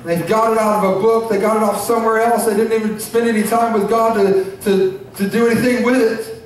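High-voiced pastor in an echoey church. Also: male voice, level tone, brisk, slight background noise. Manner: earnest and emotional, with bursts of shouting and laughter. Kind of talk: sermon. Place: church sanctuary. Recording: echoey church recorded from far off.

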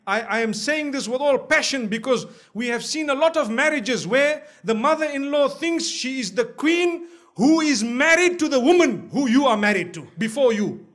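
High-voiced impassioned male preacher. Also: fairly bright tone. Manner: impassioned, rising to emphatic peaks, uses quoted voices. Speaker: Islamic preacher. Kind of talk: sermon. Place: lecture hall before an audience.

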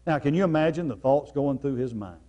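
A man preaching from the pulpit. He drives his points home by repeating phrases, rising to loud, emphatic lines and then dropping to soft, low ones. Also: animated, a little fast. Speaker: pastor. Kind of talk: sermon.

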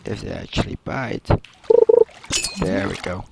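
Man, game commentary, low voice, unhurried, loud background noise. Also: gravelly. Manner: casual, chatty, explains gameplay. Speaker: gameplay video host.

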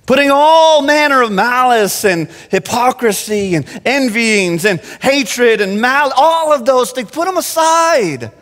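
High-voiced preaching man. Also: a little slow, few pauses. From Phoenix. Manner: animated preaching with frequent restarts. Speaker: pastor. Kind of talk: sermon. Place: church sanctuary. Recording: long church-hall reverb.

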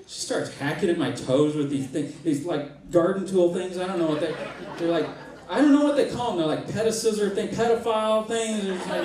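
A young male comedian with a high voice rambles through a self-mocking stand-up bit, stumbling and restarting as he goes. He sounds roomy and far from the mic, with the audience laughing all around. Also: a little fast, background noise. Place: comedy club stage. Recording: echoey club, far mic, laughing crowd.

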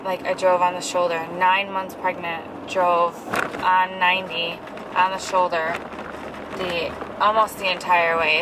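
A woman telling a story about her son in a casual vlog, chatty, full of fillers and restarts, while in a car. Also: fairly low pitch. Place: in a moving car. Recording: loud road noise from a car.

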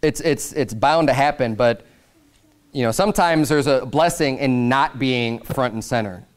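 A man's voice: medium pitch, moderate pace, smooth. A man preaching a sermon as pastor, talking conversationally and growing emphatic as he reads scripture.

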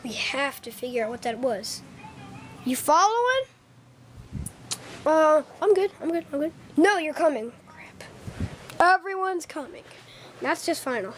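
A woman performing a homemade fan skit, voicing every role herself and jumping between high and low voices as the characters squabble. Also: big pitch swings, unhurried, long pauses, slight background noise.

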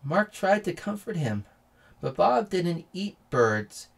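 A man hosting his own channel, reading a children's picture book aloud slowly and then signing off. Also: sits high, big pitch swings, gravelly. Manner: slow, deliberate reading.

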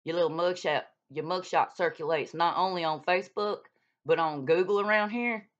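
A woman's voice: lowish voice, normal speed. A woman, ranting on her channel in a blunt, profane, scolding way. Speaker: YouTube vlogger calling out another creator. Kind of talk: heated casual rant. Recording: dull lo-fi sound.

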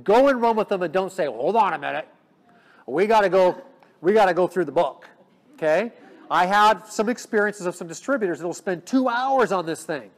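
A man with a high voice leads a sales training session. He talks energetically and keeps checking that his listeners follow him. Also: a little fast. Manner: energetic, coaching, rhetorical check-ins. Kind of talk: business training talk.

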